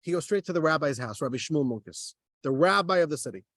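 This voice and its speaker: Rabbi with a high, animated voice, acting out dialogue in a dry, close recording. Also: male voice, quick pace, no echo. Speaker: rabbi teaching a class. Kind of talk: storytelling Torah class.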